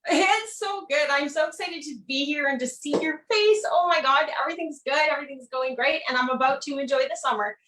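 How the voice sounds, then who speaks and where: A woman's voice: high voice, fairly quick, few pauses, a bit bright. A woman ironworker who is a guest on a video-call interview, talking enthusiastically and laughing often. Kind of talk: casual interview over video. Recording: roomy echo.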